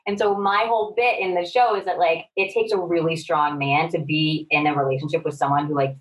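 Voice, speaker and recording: A woman's voice: low voice, brisk, far from the mic, low-quality recording. Chatty woman comedian, a bit off-mic. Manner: chatty, heavy use of "like", animated storytelling. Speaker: comedian and guest. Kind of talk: casual podcast conversation.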